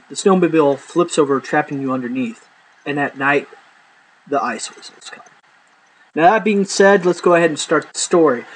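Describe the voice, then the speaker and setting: A man's voice: on the high side, a little hiss or hum, poor audio. Rambling man telling a comic story. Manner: rambling, with many fillers and restarts. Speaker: stand-up storyteller. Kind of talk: casual comedic storytelling.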